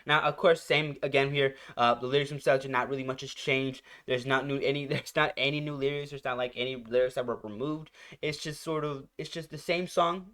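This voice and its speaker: A man's voice: mid-range voice, steady tone, a little fast, a bit bright. Rambling young man reviewing a song. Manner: rambling, repeats himself, searches for words. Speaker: reaction channel host. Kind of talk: casual reaction commentary. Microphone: headphones.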